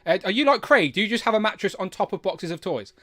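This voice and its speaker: A man with a slight lisp, hosting a live chat with guests, chatty and quick to laugh. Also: sits high, animated, sharp tone. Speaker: livestream host.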